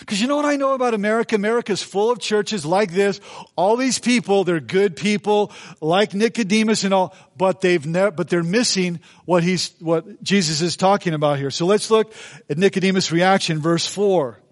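A man's voice: sits high, normal speed. A man preaching a sermon in a church as pastor, folksy and conversational, acting out the people he quotes.

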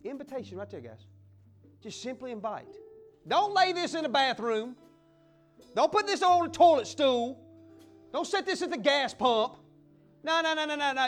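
Male pastor, high lively voice, fiery sermon delivery, faint music underneath. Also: brisk. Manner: fiery, exuberant preaching with whoops and acted-out little scenes.

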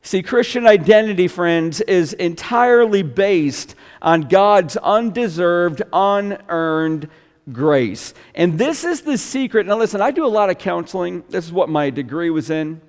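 A man preaching a sermon as pastor, conversational, dropping to quiet asides and rising to loud emphatic bursts. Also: high voice, lively intonation, a little slow, big-room sound.

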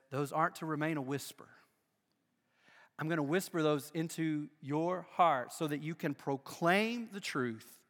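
High, bright-voiced older preacher in a hall. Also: male voice. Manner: dynamic preaching, swings between loud emphasis and hushed low asides. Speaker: pastor. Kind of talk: sermon. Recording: long hall reverb.

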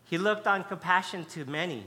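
A man's voice: high voice, a little fast, sharp tone. A man preaching a sermon, emphatic and conversational, stressing key words by repeating them. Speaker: pastor.

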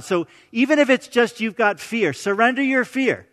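A man with a notably high voice delivers a sermon in a loose, conversational way. He restarts phrases and tosses in quick "right?" check-ins. His voice carries a long reverb tail, as in a large sanctuary. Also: fairly bright tone. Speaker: preacher.

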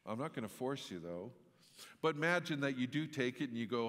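A male pastor preaching at a middle pitch in a casual, storytelling way, now and then bursting into loud, emphatic lines. His voice rings out with a long reverb tail, as in a church hall. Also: expressive, fairly quick. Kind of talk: sermon.

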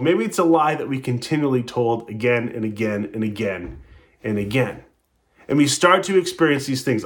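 A man's voice: a little high, fairly bright tone. Man preaching a story-driven sermon. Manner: storytelling, acting out quotes with rising and falling emphasis; conversational, with restarts. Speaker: pastor.

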